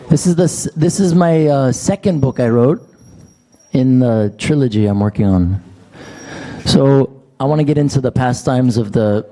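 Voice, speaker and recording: A man's voice: mid-range voice, mellow. A man giving a class at a temple, telling chatty, joking anecdotes to a gathered audience. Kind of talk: storytelling scripture class.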